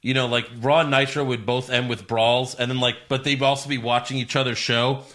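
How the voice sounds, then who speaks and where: A man's voice: medium pitch, flat delivery, brisk. A man co-hosting a podcast, recapping a wrestling show in a laid-back, chatty way. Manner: laid-back storytelling, acts out bits in loud voices. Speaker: podcast co-host. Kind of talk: casual wrestling recap chat.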